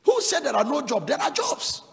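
A male pastor preaching an impassioned sermon that swings from loud cries to low asides. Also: huge pitch swings, normal speed, creaky. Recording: long reverb of a large hall.

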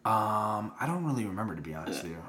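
A man's voice: fairly low pitch, very animated, quick pace, sharp tone. A young man co-hosting a podcast, telling a story in loose casual chat, full of fillers and restarts. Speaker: podcast co-host.

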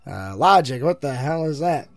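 A congested man doing an impression of a deadpan folksy comedian, drawling through a rambling shaggy-dog joke full of "you know" fillers. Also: a little high, normal speed, vocal fry, no echo.

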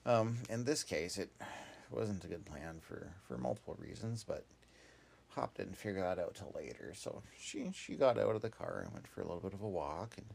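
A man's voice: low-pitched, sing-song, moderate pace, vocal fry, a little mellow, husky. A man telling an improvised children's story in a meandering, casual way, with many asides and fillers.

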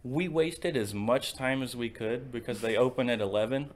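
A man's voice: medium pitch, normal speed. Young guy telling a long story, swears a ton, laid back podcast chat. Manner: rambling storytelling, frequent swearing. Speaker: podcast co-host. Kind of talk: casual chat.

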